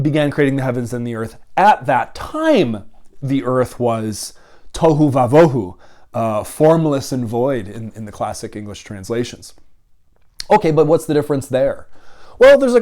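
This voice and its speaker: A man's voice: medium pitch, very animated, a little fast, a little mellow. A seminary professor giving a video lecture, explaining carefully and earnestly, often correcting and restating himself as he goes.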